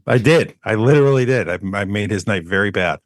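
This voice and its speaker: A man co-hosting a podcast, chatting casually and telling a lively anecdote in which he mimics other people. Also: fairly low pitch, a little fast, no echo, studio quality. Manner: animated anecdote teller who mimics people. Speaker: podcast co-host. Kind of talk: casual chat, storytelling.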